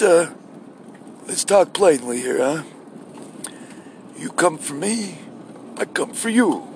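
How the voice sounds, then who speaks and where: A man voicing a menacing middle-aged Italian mob boss who makes slow, threatening offers in his car. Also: fairly high pitch, slight background noise, voice pushed up. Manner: slow, threatening, gravelly drawl. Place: car while driving.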